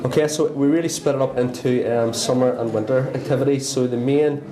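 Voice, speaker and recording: A man's voice: medium pitch, steady tone, brisk. Teacher guy, lots of ums, roomy hall, crowd chattering behind. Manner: hesitant, many ums and restarts. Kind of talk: casual interview answers. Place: busy school hall at an open night.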